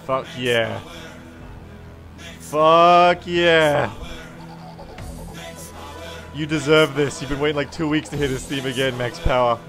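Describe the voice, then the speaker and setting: A man streaming a strategy game, commentating sarcastically and jumping to excited yelps. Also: medium pitch, fast talker, few pauses. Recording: game stream with music behind.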